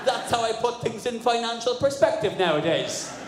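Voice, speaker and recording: A man's voice: extremely high pitch, normal speed. Sweary man doing stand-up. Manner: sardonic, sweary, animated storytelling. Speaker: stand-up comedian. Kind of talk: stand-up routine. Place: live comedy venue. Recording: echoey live room with audience noise.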